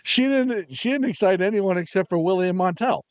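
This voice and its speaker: A man's voice: high voice, normal speed, no echo. A man talking bluntly on a heated political panel, rambling and restarting his sentences.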